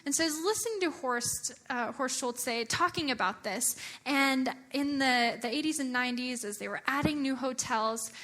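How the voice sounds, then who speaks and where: A young adult woman giving a chatty, animated church talk, often using filler words. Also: sits high, moderate pace. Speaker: church speaker.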